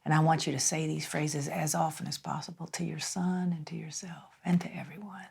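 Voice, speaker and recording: Lady whispering old southern guy, kind mentor, soft and slow. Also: fairly high pitch, steady tone, vocal fry. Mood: gentle. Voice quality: hushed whisper. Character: kindly old Southern man mentor, in his nineties.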